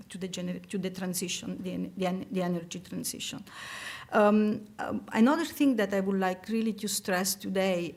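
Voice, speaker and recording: A woman's voice: on the low side, a little mellow. An older woman from Italy with an Italian accent, speaking as a professor on a panel, self-deprecating and full of fillers and restarts. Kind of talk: panel talk.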